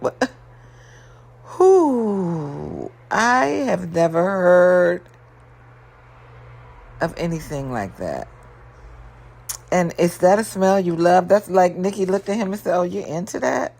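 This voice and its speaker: A woman vlogger giving a sassy, animated recap of a reality show, full of exasperated rhetorical questions and big swings in pitch. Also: slow, gravelly, long pauses.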